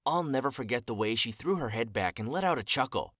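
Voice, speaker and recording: An earnest young man with a lively delivery. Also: mid-range voice, a little fast, no echo, clean studio sound. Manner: earnest, dramatic storytelling. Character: young man recounting a traumatic childhood, earnest. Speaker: animated story narrator. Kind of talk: scripted storytelling narration.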